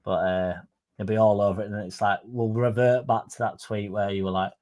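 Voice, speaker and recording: A man's voice: lowish voice, fairly even intonation, fairly quick, a little mellow. A young man hosting a football fan livestream, chatting sarcastically and reading out viewer comments. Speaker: fan channel host.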